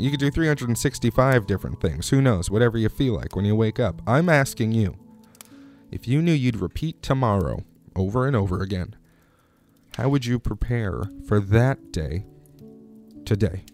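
A man's voice: on the low side, a little mellow. A man rambling through a comic monologue, digressing wryly and asking the listener questions.

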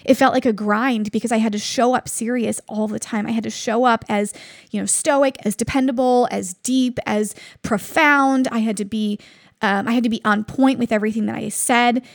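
A woman's voice: a little high, fairly even intonation, normal speed, gravelly, no echo, clean studio sound. A woman in her thirties hosting a devotional podcast, telling a personal story in an earnest, reflective way. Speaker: podcast host.

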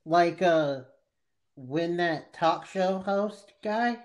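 A man co-hosting a podcast, talking casually about a TV series in halting, trailing phrases. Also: high-pitched. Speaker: podcast co-host. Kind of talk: casual chat reviewing a TV series.

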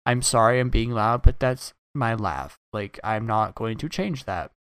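A man's voice: mid-range voice, a little slow, fairly bright tone, clean tone, dry recording, studio quality, close to an everyday voice. A man voicing a defiant teenage schoolgirl talking back sassily. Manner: defiant, sassy.

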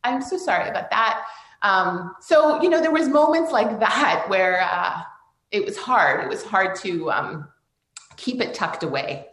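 A woman's voice: medium pitch, expressive, a little slow, fairly bright tone, roomy sound, rough recording. A woman, a film director, telling a hard story in an interview, earnest and emotional, with many fillers and restarts. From Canada. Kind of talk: interview conversation.

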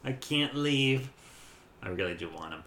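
A tired man co-hosting a casual podcast chat, talking slowly and drowsily. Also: mid-range voice, animated, bright, forceful tone. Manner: slow and drowsy, with bursts of laughter. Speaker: podcast co-host. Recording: echoey room with faint background noise.

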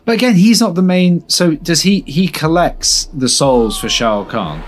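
A man chatting casually while watching a film, animated and quick to laugh, often restarting his sentences. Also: a little high. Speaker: film watch-along co-host. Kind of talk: casual reaction chat over a film. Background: faint film soundtrack music.

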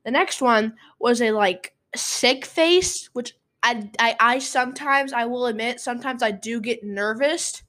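A woman's voice: fairly high pitch, unhurried, few pauses, a bit bright. A teenage girl hosting a casual storytelling podcast from a room at home, rambling, apologizing and getting sidetracked. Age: teens. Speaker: podcast host.

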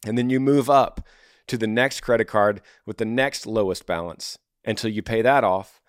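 A man's voice: fairly low pitch, moderate pace, no room sound, clean studio sound. A man hosting an advice show, reading listener emails and talking them through earnestly, often acting out what listeners say. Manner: earnest, acts out listeners' worries in voices.

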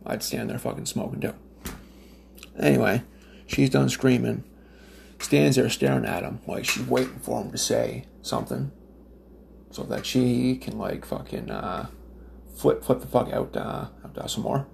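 A man's voice: medium pitch, expressive, a little slow, vocal fry, long pauses, a little mellow, a little hiss or hum. A man from Nova Scotia, Canada, ranting in a casual, profane, rambling monologue with lots of fillers and restarts. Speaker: smoker telling stories.

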